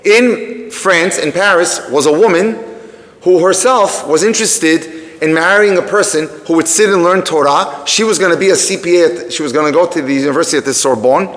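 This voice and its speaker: A man teaching through a story to a live audience, animated, breaking off to speak to the room. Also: on the high side, brisk. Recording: long reverb of a hall.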